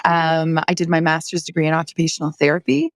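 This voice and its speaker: A woman's voice: deep voice, no room sound, clean studio sound. A woman in her forties from Prince Edward Island, Canada, answering interview questions in a friendly, easygoing way. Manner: friendly, easygoing, quick to laugh. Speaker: guest, Olympic athlete.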